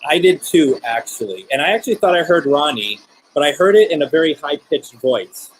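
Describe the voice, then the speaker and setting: A man hosting a live spirit box stream, talking gently with viewers and politely calling on spirits. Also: on the high side, lively intonation, fairly quick, slight background noise, poor audio.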